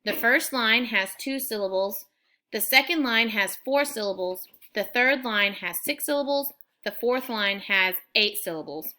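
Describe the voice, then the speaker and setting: A woman teacher giving a recorded lesson to students, explaining clearly and patiently step by step. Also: a little high, a little slow, sharp tone.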